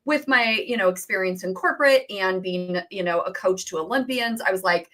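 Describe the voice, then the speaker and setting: A woman who is a business coach, telling her story as an interview guest in an animated way and acting out quoted dialogue. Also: mid-range voice, moderate pace.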